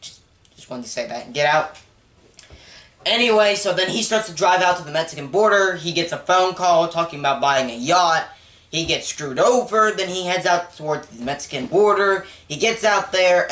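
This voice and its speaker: A young man giving a casual, rambling movie review, excitable and full of restarts. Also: sits high, normal speed. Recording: roomy echo.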